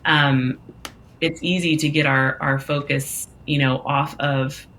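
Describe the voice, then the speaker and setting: A woman's voice: low-pitched, fairly even intonation, slow, fairly bright tone, slight background noise. A woman in her thirties, a songwriter, talking earnestly in a casual conversation about faith, with many fillers and quoted inner dialogue. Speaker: guest songwriter.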